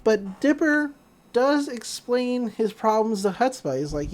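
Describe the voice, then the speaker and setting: Woman host for a chatty episode-recap podcast; very expressive, swooping pitch. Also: a little slow. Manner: animated, laughing, acting out quoted lines.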